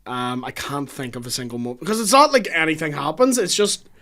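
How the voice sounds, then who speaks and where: A comedian chatting casually on a podcast, telling stories with lots of swearing and animated asides. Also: male voice, on the high side, fairly quick. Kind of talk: casual chat.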